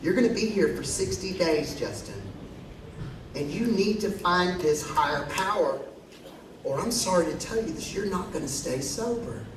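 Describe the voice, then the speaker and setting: A man's voice: high-pitched, sing-song, moderate pace, noisy background, pitched below the performer's own voice. A man voicing a blunt, motherly woman counselor who curses and calls people pet names. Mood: stern. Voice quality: sassy, profane, doting. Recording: echoey live hall, distant mic, crowd.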